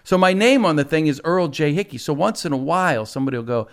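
A man's voice: fairly high pitch, expressive, quick pace, creaky, few pauses. A middle-aged man, a guest on a talk show, telling rambling stories in casual chat and often laughing.

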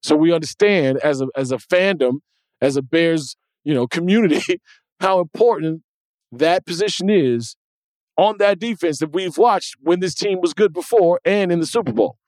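A man hosting a sports podcast, talking in a casual, animated way with emphatic restarts. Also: a little high, moderate pace, no room sound. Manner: animated, emphatic, repeats words when he restarts. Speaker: podcast host.

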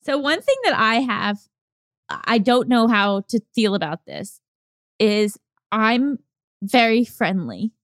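A woman's voice: on the high side, expressive, takes it slowly, no echo, clean studio sound. A young woman co-hosting a podcast, chatting in a reflective, friendly way. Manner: reflective, friendly, laughs easily. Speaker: podcast co-host. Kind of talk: casual chat.

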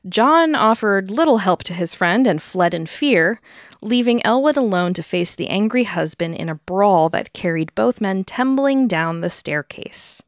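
A woman's voice: mid-range voice, expressive, a little slow, no echo, studio quality. A woman co-hosting a podcast, telling a true-crime history in a casual way and laughing often between the facts. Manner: laughs often while narrating. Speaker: podcast co-host telling the story.

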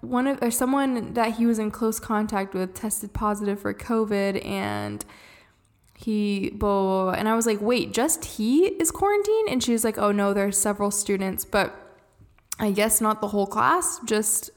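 A woman's voice: mid-range voice, moderate pace. A woman in her thirties co-hosting a casual podcast, telling stories with lots of laughter and acting out the phone calls. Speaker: podcast co-host. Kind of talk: casual chat, storytelling.

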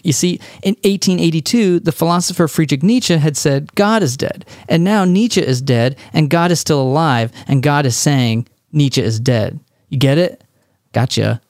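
A man's voice: a little high, darkish tone, no echo, clean studio sound. Wry male podcast host. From Texas. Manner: conversational, wry. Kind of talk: podcast monologue.

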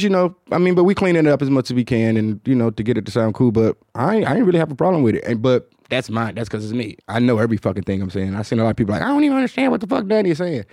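A man with a Detroit accent hosting a casual podcast, talking in a low, mumbled, rambling way with lots of fillers and swearing. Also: darkish tone, no room sound, studio quality. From Detroit, United States. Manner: low-toned, mumbled, hard-to-follow delivery; loose, profane, rambling with many fillers. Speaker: podcast host. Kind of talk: casual chat.

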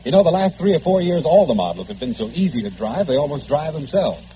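A man's voice: a little high, big pitch swings, quick pace, a little hiss or hum. A man in scripted 1930s radio commercial dialogue, with a hearty, sales-minded delivery. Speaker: commercial announcer. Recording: dull 1939 radio broadcast recording.

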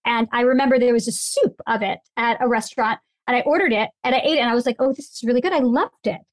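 A woman in casual interview chat, telling food stories with emphatic, animated delivery. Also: fairly high pitch, fast, dry recording. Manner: emphatic, animated storyteller, laughs often. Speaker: guest.

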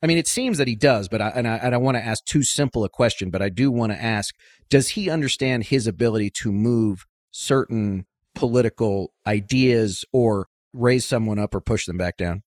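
A man's voice: mid-range voice, moderate pace, no room sound, studio quality. A man hosting a podcast interview, asking long, winding questions with asides. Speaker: podcast host.

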